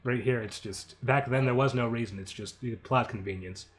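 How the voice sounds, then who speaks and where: A man's voice: medium pitch, fairly quick. Young man, casual creator commentary, offhand, self-mocking, laughs a lot, swears. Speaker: animator and show creator.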